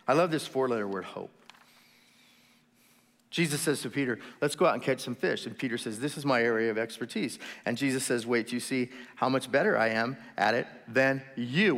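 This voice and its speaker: A man preaching a sermon, telling stories with animation and slipping into acted-out voices, jumping from loud bursts to soft asides. His voice sits a little high for a man. The sound carries a long reverb, like a large church hall. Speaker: pastor.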